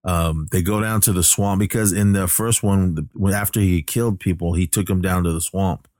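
A man's voice: sits low, fairly even intonation, normal speed, darkish tone, no echo, studio quality. A man casually recapping a horror film, rambling and correcting himself with many fillers. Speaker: movie recapper.

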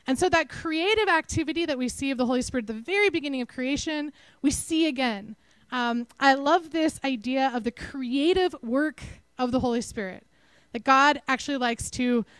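A woman with a Texan accent giving a conversational, animated sermon to her church. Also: high-pitched, no echo, rough recording. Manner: conversational, animated, self-deprecating. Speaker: preacher.

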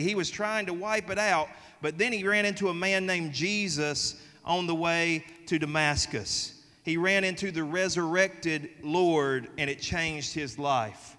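A man with a Southern US accent preaching a sermon, telling folksy stories in an animated way. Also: on the high side, a little slow, few pauses, in a large hall. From American South. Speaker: pastor.

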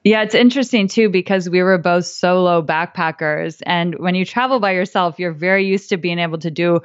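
A woman's voice: on the low side, a little fast, no room sound. Cheerful American woman, dull line. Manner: cheerful, laughs easily. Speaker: podcast guest. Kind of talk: casual conversation.

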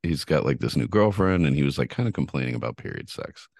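A man with a very deep voice hosts a casual podcast. He tells crude stories with plenty of swearing and laughs along the way. The sound is dry and close, with no room echo. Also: expressive, fast, vocal fry, darkish tone. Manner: profane, laughing storyteller. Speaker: podcast host.

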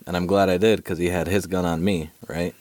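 Man, very low voice, dry close sound, casual profane storyteller, chatty podcast host. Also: a little fast, no echo. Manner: profane, animated storyteller, fillers like dude and right.

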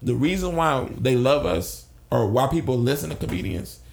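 Slangy, animated male comedian in an echoey room. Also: mid-range voice, moderate pace, gravelly, a little hiss or hum. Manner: animated, slangy, swears freely, acts out quotes. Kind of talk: casual podcast chat.

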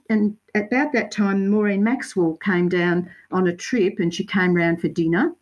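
A woman's voice: mid-range voice, creaky, a little mellow, rough recording. An Australian woman, a guest artist, telling her story in a rambling, self-correcting way with local slang. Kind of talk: casual interview chat.

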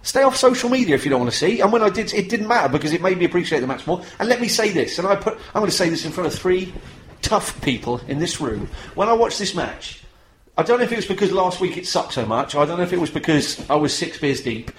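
Fast-talking, excitable man. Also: high-pitched, roomy sound, slight background noise, rough recording. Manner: fast, animated, swears freely. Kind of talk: casual wrestling podcast chat.

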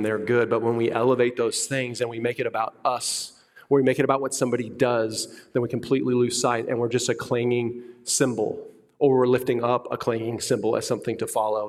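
A man preaching a sermon as pastor, emphatic, repeating key words and putting questions to the congregation. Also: medium pitch. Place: church hall. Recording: long hall reverb.

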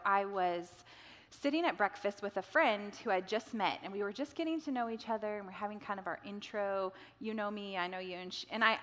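A woman pastor giving a sermon, telling a personal story in a lively, chatty way with quick asides to the congregation. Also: medium pitch. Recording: long hall reverb.

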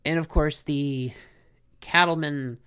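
A podcast host recapping a cartoon episode in a joking, animated way. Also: medium pitch, slow, clear, resonant tone. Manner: animated, joking, self-questioning.

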